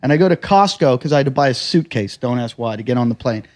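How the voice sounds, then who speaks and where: A man from the United States, a comedian and podcast host, telling a story in casual chat, swearing often and bursting into shouted quotes. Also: medium pitch, expressive, fast.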